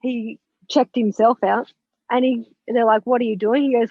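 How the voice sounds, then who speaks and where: Podcast guest: frank, lively woman with a high voice, on a dull lo-fi recording. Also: normal speed, slightly rough, no echo. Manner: animated, candid, swears and laughs while recounting. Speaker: podcast guest, spiritual mentor. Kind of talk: personal storytelling in an interview. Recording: dull lo-fi, dry sound.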